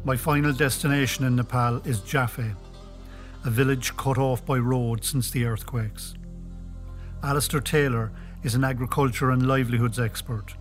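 A man presenting a radio documentary in calm, measured scripted narration. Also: medium pitch, soft background music.

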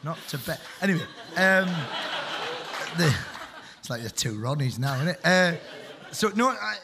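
A man, a comedian guest, telling rambling, animated stories and laughing as he goes. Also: on the high side, normal speed, gravelly, noisy background. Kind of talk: anecdotal chat.

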